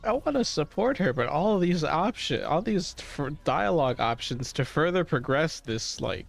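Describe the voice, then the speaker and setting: Gravelly rambling male game streamer. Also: on the high side, lively intonation, moderate pace. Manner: rambling, swears casually, fills dead air. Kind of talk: gameplay commentary.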